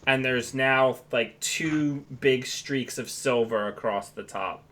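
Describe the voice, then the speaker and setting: A man's voice: mid-range voice, slow, a bit bright. Guy running a tabletop game, lots of likes and uhs, faint hiss behind. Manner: loose, filler-heavy describing. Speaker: game master.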